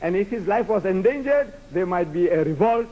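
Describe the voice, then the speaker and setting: A man's voice: high-pitched, expressive, normal speed, dull audio. A man from South Africa whose first language is Gujarati, giving a rhetorical, challenging public lecture to a live audience. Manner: rhetorical, challenging, acts out debates with mock voices.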